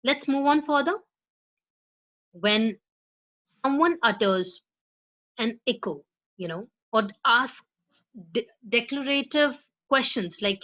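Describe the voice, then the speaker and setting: A woman's voice: on the high side, animated, a little slow, fairly bright tone. Woman teaching spoken English, lo-fi. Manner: explaining with repeated "right?" checks and demonstrations. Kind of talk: lecture to students.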